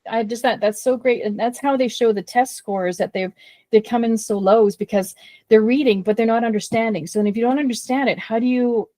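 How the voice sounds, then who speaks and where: Animated woman tutor with a mellow voice. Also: a little high, brisk, dry recording. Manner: animated, playful, many restarts. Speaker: tutor and podcast co-host. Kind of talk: casual educational chat.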